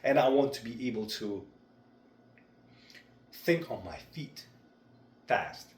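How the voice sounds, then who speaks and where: A young man talking through his speaking practice in a vlog, with a deliberate, measured delivery. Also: mid-range voice, expressive, a little hiss or hum. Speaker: vlogger. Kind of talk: reflective speech-practice vlog. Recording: roomy echo.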